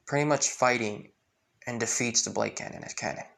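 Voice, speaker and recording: A man's voice: mid-range voice, moderate pace, creaky, fairly bright tone. A man retelling a fan story in a rambling way, full of fillers.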